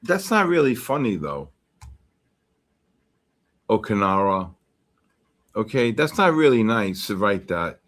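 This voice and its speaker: A fairly low-pitched, slightly bright male voice, very animated yet slow and full of pauses, belongs to a futures trading livestream host. He chats his way through charts and viewer messages in a meandering style packed with fillers.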